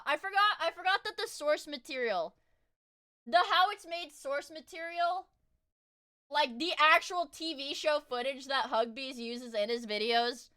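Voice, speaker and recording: Bright high-voiced woman streamer chatting. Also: clean tone. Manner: excitable, rambling, apologetic to viewers. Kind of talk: casual live-stream reaction chat.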